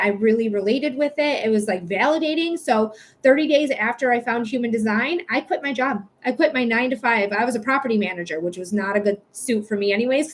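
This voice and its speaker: A young adult woman hosting a live psychic reading stream, chatting casually, swearing now and then and pitching her readings upbeat. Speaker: livestream psychic reader. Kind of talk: casual livestream chat.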